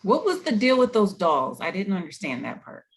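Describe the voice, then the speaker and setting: A man's voice: high voice, wildly swooping pitch, moderate pace, noisy background. A man co-hosting a casual talk show about a TV series, asking questions and thinking aloud. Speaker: podcast co-host. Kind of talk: casual chat about a TV episode.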